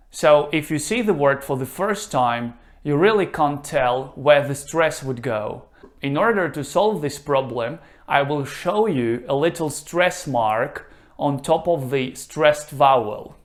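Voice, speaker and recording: A man teaching a reading lesson, pronouncing each word slowly and leaving gaps for the listener to repeat. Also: fairly high pitch. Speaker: Russian language teacher. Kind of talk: slow, careful language lesson.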